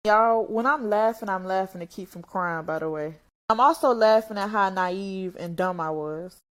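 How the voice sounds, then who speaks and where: A woman's voice: medium pitch, normal speed. Young woman doing a storytime, swears a lot, raw and emotional, talks it straight. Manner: blunt, profane and emotional. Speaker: vlogger. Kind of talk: candid storytime.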